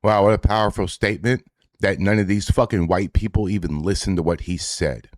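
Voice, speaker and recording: A man with a very low voice hosts an online reaction show. He talks bluntly and swears a lot, and he keeps sounding exasperated. The sound is dry and close, with no room echo. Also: fairly even intonation, brisk. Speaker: host reacting to clips. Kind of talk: casual reaction commentary.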